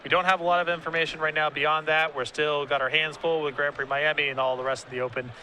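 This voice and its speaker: A man provides color commentary on a live card game tournament, analyzing the decks and strategy. His voice sits a bit high for a man and sounds bright and clear. He works in dry humor alongside the analysis. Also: flat delivery, fast talker, a little hiss or hum.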